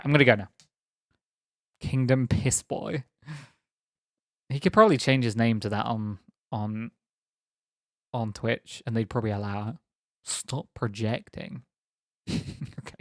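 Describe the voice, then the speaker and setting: A man's voice: medium pitch, dry recording, clean studio sound. A young man chatting casually on a live stream, rambling, laughing often and teasing viewers.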